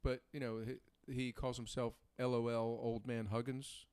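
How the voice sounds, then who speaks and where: A man's voice: medium pitch, little pitch movement, moderate pace, a little mellow, clear, resonant tone, no echo. A man co-hosting a live podcast, bantering and joking in a casual way. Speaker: podcast co-host.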